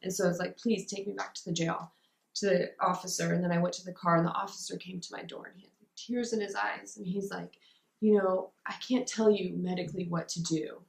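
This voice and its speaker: A woman's voice: on the low side, fairly even intonation, brisk, vocal fry. A young woman telling her personal recovery story in an interview, talking casually and rambling with many fillers. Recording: roomy echo.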